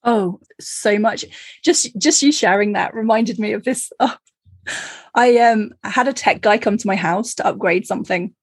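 A woman hosting a podcast, telling anecdotes in a chatty way and laughing easily. Her voice is husky and a little breathy. It is recorded dry and close, with no room echo. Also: medium pitch, moderate pace. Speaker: podcast host. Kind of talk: casual chat.

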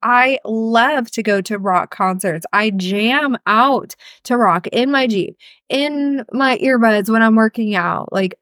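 This healer coach in her thirties speaks slowly in a higher, fairly bright voice, captured at studio quality with no room sound. On her casual solo podcast she's chatty and frank, swearing freely.

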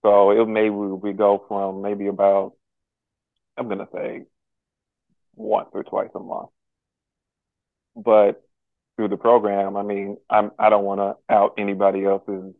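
Halting man on a tinny line. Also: lowish voice, no room sound. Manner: halting and earnest, many pauses and restarts. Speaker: podcast guest. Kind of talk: candid personal conversation. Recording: tinny phone-like line, dry.

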